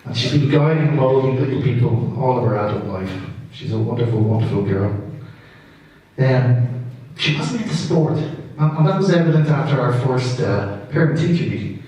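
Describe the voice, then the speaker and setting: A man's voice: medium pitch, expressive, normal speed. A man, a father of the bride telling funny family stories in a wedding speech, laughing through his punchlines. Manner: warm storytelling with laughing asides. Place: wedding reception hall. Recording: echoey hall from far off with faint room noise.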